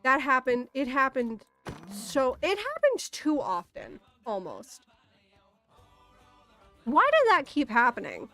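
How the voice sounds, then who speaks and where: A woman's voice: high voice, huge pitch swings, slow, pauses often, bright, forceful tone, soft background music. A young woman in a casual, exasperated ranting monologue, swearing often and laughing in disbelief. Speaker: streamer.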